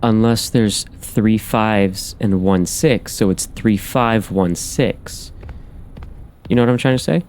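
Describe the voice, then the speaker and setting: With a lowish, slightly mellow voice and a slow pace, this gaming channel host mutters his way through codes in a horror game. His let's play commentary is sprinkled with wry asides, over slight background noise.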